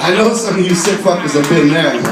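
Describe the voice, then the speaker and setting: Profane high-voiced male stand-up comic. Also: a little fast, very noisy. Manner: profane, animated, shouting punchlines. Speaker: stand-up comedian. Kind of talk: live stand-up routine. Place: bar stage with live audience. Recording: echoey bar, distant mic, loud crowd laughter.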